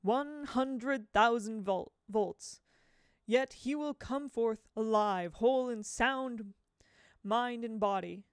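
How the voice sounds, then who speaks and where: A woman's voice: a little high, takes it slowly, clean tone, no echo, studio quality. A woman reading aloud voices a sinister, commanding male carnival master in a storybook, with an emphatic, declaiming delivery.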